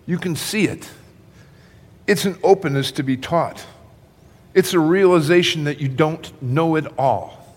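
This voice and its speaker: A man's voice: a little high, husky, in a large hall. An older man preaching a sermon, talking conversationally and addressing his congregation directly. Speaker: pastor.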